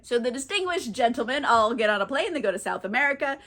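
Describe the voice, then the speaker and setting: A woman's voice: fairly high pitch, expressive, quick pace, hardly any pauses, a bit bright. A young woman casually recapping a book, chatty and profane, with "like" in almost every sentence. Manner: chatty, fills with "like", swears freely. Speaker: book reviewer.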